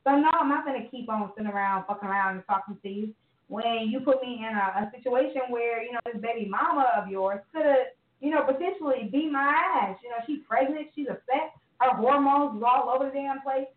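A woman's voice: fairly high pitch, brisk, roomy sound, distant mic, phone-quality sound. A woman co-hosting a podcast, telling stories in a blunt, candid and profane casual chat. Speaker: podcast co-host.

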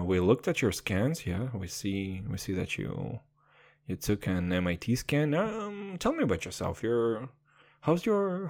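A man putting on the voice of a solemn male doctor breaking bad news, hushed and halting. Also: lowish voice, voice pushed down.

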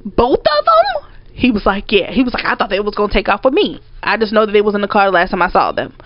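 A woman retelling a story in a casual chat, blunt and profane, with an animated delivery. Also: medium pitch, rapid-fire, no echo. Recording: dry, slightly dull recording.

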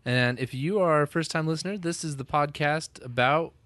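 A man's voice: on the high side, normal speed, fairly bright tone, no room sound. A man co-hosting a podcast with his wife, chatting casually, joking and swearing freely. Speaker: podcast co-host. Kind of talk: casual chat.

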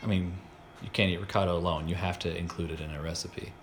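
Rambling low-voiced American man. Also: fairly even intonation, quick pace, slight background noise. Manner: rambling, self-interrupting, enthusiastic. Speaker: podcast host. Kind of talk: casual chat.

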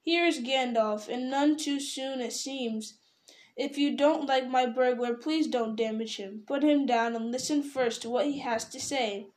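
A woman reading aloud, voicing an old male wizard who speaks calmly and dryly commands. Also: high-pitched, measured pace. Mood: commanding.

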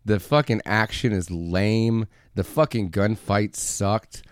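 A man's voice: lowish voice, takes it slowly, no echo, clean studio sound. Profane, laughing male podcast co-host. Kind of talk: casual movie-review chat.

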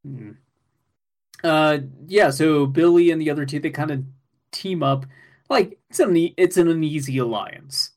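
A man co-hosting a casual podcast, recapping an anime episode in an excitable way, swearing and laughing as he goes. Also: a little high, unhurried.

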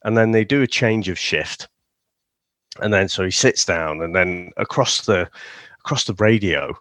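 His voice sits low and sounds expressive and a bit bright, at a moderate pace with no echo. As co-host of a casual film review chat, this man rambles through the plot, often laughing and breaking into silly voices.

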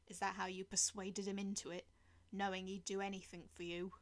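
A woman's voice: mid-range voice, little pitch movement, fairly quick, lightly acted. A woman reading the lines of a middle-aged male detective who presses his questions steadily. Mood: pressing.

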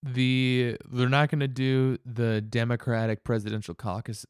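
A man's voice: mid-range voice, level tone, moderate pace, smooth, no room sound, studio quality. A man in casual chat as a co-host, laid-back, explaining things with hesitant fillers.

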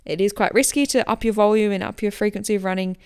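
A woman hosting a podcast, answering listener questions in a relaxed, chatty way that explains as she goes. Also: medium pitch, fast, smooth. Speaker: running coach and podcast host.

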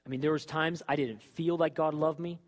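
A man's voice: on the high side, steady tone, fairly quick. Fervent male preacher, rising and falling. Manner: fervent, swings from loud exhortation to quiet confession. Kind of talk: sermon.

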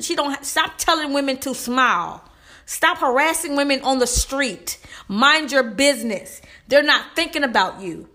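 A woman's voice: on the high side, bright, forceful tone. A young adult woman hosting a podcast, delivering a heated, preachy monologue aimed straight at the men listening. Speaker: podcast host. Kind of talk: opinionated monologue.

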